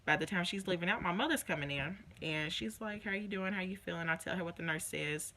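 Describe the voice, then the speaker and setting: A woman's voice: on the low side, quick pace. A young woman vlogger telling a personal story in a casual, emotional way, acting out what others said. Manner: emotional, animated retelling with quoted voices.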